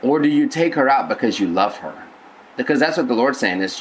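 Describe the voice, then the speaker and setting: A man's voice: mid-range voice, expressive, brisk, a little hiss or hum, low-quality recording. A male pastor giving a conversational sermon, rambling with many restarts and repeated words.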